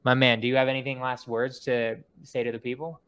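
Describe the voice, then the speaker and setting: A man's voice: mid-range voice, level tone, fairly quick, a bit bright, clean tone. A young man hosting a podcast, talking in a loose, rambling way with lots of fillers. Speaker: podcast host. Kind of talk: casual podcast chat.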